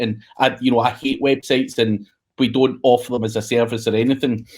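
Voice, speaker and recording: A man hosts a podcast in a relaxed, chatty way, joking around and swearing casually. His pitch sits in an ordinary middle range. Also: normal speed. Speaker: podcast host.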